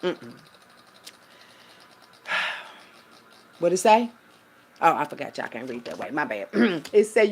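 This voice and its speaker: A woman's voice: on the low side, very animated, slow, pauses often, darkish tone, breathy edge. A woman talking casually and rambling to her viewers, reading aloud. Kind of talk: casual monologue.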